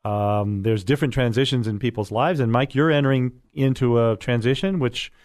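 A man's voice: mid-range voice, moderate pace, darkish tone, no room sound. Middle-aged male radio host, folksy and chatty, mid voice, dry studio sound. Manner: folksy and chatty, with many fillers. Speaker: radio real estate show host. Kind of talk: casual radio talk show chat.

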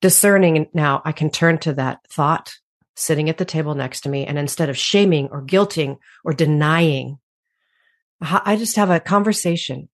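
A woman's voice: deep voice, normal speed. A woman guest in an interview, speaking reflectively and laughing often. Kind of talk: conversational interview.

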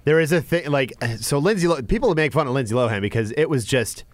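A man's voice: mid-range voice, lively intonation, quick pace, no room sound. A man in casual podcast chat, agreeable and easygoing, with lots of fillers.

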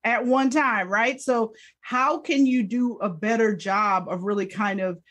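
A woman hosting a business podcast in casual interview chat, upbeat and quick to laugh. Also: fairly high pitch, a bit bright. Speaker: podcast host.

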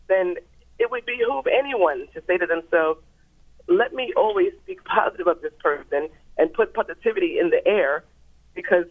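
A man calling in to a radio talk show, speaking earnestly and from the heart, often stopping and restarting his words. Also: high-pitched. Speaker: radio caller. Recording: tinny phone line.

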